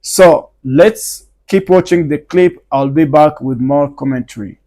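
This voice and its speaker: Male host, reaction commentary, talks straight to viewers, unhurried. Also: fairly high pitch, dark tone. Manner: keeps calling out to the viewers, repeating himself. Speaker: channel host.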